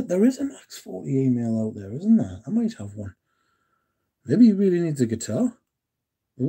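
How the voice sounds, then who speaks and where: A male livestream host with a medium-pitched, mellow, slightly rough voice reads comments and banters jokingly with chat in a casual stream, swearing freely as he goes.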